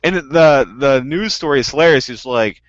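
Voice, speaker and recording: Animated man telling stories on a call. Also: medium pitch, normal speed, dry recording, dull audio. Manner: animated storyteller, swings up loud for punchlines. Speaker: guest panelist. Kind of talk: casual podcast chat.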